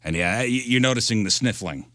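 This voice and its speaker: A man's voice: mid-range voice, lively intonation, a little fast, a bit bright, dry recording, studio quality. A man hosting a radio show, chatting casually and joking as he reads out news items.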